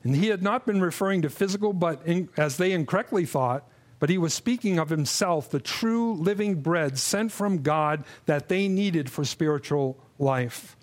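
A man with a notably high-pitched voice delivers an expository sermon. He speaks earnestly, stumbling into restarts and repeated words. When he mimics grumbling he drops low and quiet. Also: normal speed. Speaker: preacher.

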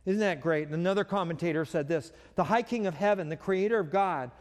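Speaking fast in a high-pitched voice, this pastor delivers his sermon in a chatty manner, often restarting and using fillers. A long hall reverb colors the recording.

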